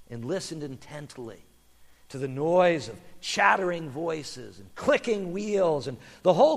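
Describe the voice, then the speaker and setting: A man reading a children's story aloud in an expressive, animated way. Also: high-pitched, big-room sound.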